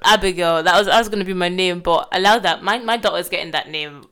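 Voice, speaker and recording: A young woman with a Nigerian accent, chatting casually and quickly with lots of fillers. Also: lowish voice, sharp tone. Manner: fast-talking, lots of fillers. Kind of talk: casual chat.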